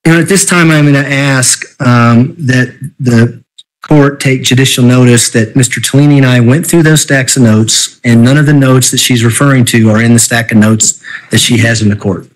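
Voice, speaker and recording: Over poor audio, a man with a mid-range voice and moderate pace cross-examines a witness as the prosecuting attorney. His questioning is insistent, pushing to pin down each answer.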